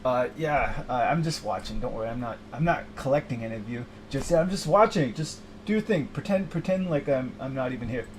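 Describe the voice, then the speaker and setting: Man playing Death, timid spirit, low mumbling voice, apologetic, hesitant, improvised comedy. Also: fairly quick, few pauses, a little hiss or hum, close to an everyday voice, poor audio. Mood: sheepish. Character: Death, sheepish lurking male spirit.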